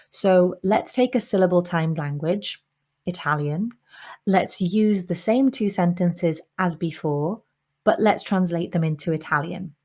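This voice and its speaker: Woman teaching English pronunciation clearly. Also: lowish voice, a little mellow. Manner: clear, measured delivery with deliberately slowed example sentences. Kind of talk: scripted explanatory lesson.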